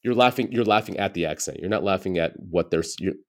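Speaking fast in a low voice, an American comedian in his forties tells candid stories as a guest in a casual interview. He reflects as he goes, peppering his talk with frequent "you know."

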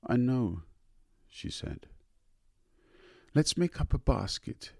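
A man's voice: medium pitch, animated, slow, creaky, a little mellow, breathy edge, dry recording, studio quality, pitched above the performer's own voice, full character voice. A man voicing a weary, fussy middle-aged mother in a storybook reading, with an exasperated manner. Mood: brisk.

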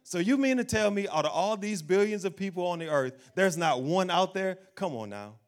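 A man preaching an animated sermon as pastor, acting out doubting voices and laughing along the way. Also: high-pitched, moderate pace.

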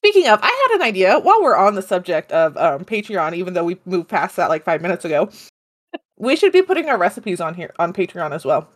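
A woman's voice: fairly low pitch, very animated, quick pace, no room sound, studio quality. A woman co-hosting a podcast, chatting casually with a teasing, sarcastic edge. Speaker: podcast co-host. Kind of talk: casual chat.

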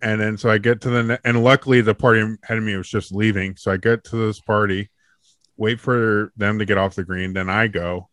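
A man's voice: fairly low pitch, fairly even intonation, a little fast, fairly bright tone, dry recording, clean studio sound. A man casually telling a profane, laughing story on a comedy chat show.

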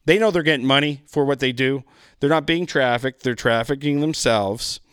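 A man telling stories as a podcast guest, animated and profane, acting out the people in his stories. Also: mid-range voice, normal speed, clear, resonant tone, dry recording, clean studio sound. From Canada. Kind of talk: casual storytelling.

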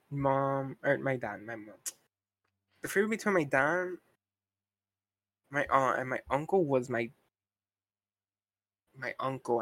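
A man's voice: mid-range voice, a bit bright, dry recording. A young man co-hosting a podcast, talking in a casual, frustrated rant full of "like" and asides. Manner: frustrated ranting, heavy use of "like". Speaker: podcast co-host. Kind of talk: casual chat.

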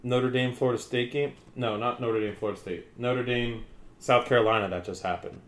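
A young man co-hosting a podcast in loose, joking banter. His voice sits at an ordinary middle pitch. He swears freely and keeps the talk casual. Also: steady tone, fairly quick. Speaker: podcast co-host. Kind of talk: casual chat.

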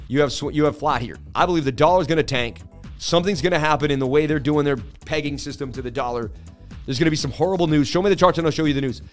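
Male stream host, casual chart talk, animated and sure of himself, faint music bed. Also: on the high side, fast talker. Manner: animated, repetitive, confident. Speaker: crypto market analysis livestream host. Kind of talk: casual livestream chart commentary.

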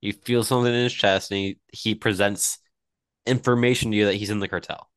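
Podcast co-host, young man, lowish voice, dry skeptical interjections, close dead-sounding mic. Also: fairly even intonation, fairly quick, clean tone, dry recording. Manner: dry, probing interjections and recaps. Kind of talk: casual podcast chat.

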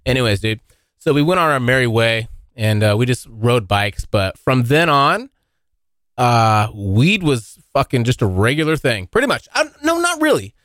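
A young man tells a rambling, profane story on his own podcast, his pitch swinging widely as he acts out the scenes. The sound is dry and close, with little room behind him. The talk stays loose and casual. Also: unhurried, dry recording. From Washington State, US. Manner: rambling, profane, animated when acting out scenes. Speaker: podcast host.

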